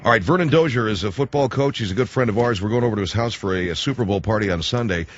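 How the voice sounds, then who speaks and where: A man's voice: lowish voice, very fast, highs cut off, slight background noise. A man hosting a radio talk show, pressing his guest with probing, needling questions.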